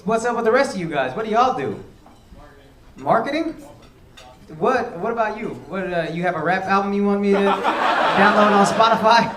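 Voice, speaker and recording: In a comedy club full of laughing people, a stand-up comedian with a high, lively voice brashly and profanely teases audience members and riffs on his relationship. He talks at normal speed with long pauses, and the live recording carries crowd laughter and background noise.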